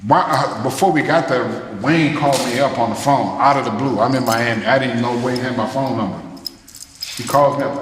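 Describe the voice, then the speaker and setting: A man, a jazz musician, talking to students in a loose, animated way, scatting rhythms as he tells stories. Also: medium pitch, fairly quick. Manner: animated, scats rhythms, loose casual phrasing. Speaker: jazz musician giving a masterclass. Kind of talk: storytelling talk to students. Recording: echoey hall with long reverb, faint noise.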